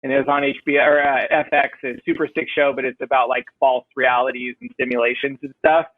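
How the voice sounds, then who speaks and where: A man's voice: mid-range voice, level tone, fast talker, dry recording, phone-quality sound. A man being interviewed on a podcast as a band vocalist, talking in a rambling, self-deprecating way with many fillers. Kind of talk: casual interview chat.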